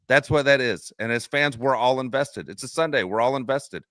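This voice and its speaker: A man co-hosting a sports fan podcast, telling animated stories in a casual chat and laughing often. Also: medium pitch, a little fast, dry recording, studio quality. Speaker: podcast co-host.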